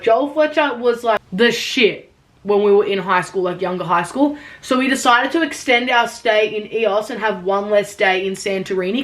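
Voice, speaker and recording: A woman's voice: medium pitch, fairly bright tone. A young adult woman vlogger telling a rambling story in casual chat, saying "like" constantly and swearing casually.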